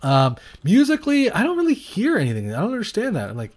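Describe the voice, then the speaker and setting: A young man giving rambling, self-mocking commentary while playing and reviewing a strategy game, now and then shouting at his units. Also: high voice, wildly swooping pitch, fast talker. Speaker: gaming video reviewer. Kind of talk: casual gameplay commentary.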